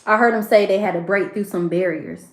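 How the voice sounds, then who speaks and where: A woman's voice: medium pitch, fairly quick, roomy sound. A woman reading tarot for her viewers, emotional and preachy, addressing them directly. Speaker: tarot reader. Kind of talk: spiritual tarot livestream.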